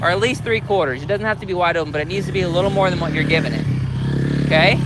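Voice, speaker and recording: A man coaching a rider at an outdoor motocross track, giving blunt, urgent instructions and cheering loudly, recorded on a handheld phone. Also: sits high, quick pace, heavy background noise. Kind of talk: live-streamed riding coaching. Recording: loud motorcycle engines outdoors on phone.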